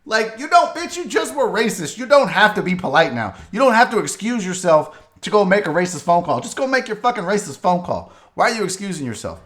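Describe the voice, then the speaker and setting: Male comedy talk host, high, bright voice, swears freely, laughs a lot. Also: a little fast, few pauses. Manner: animated, profane, laughs a lot. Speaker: sports radio host. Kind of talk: comedic commentary on a video.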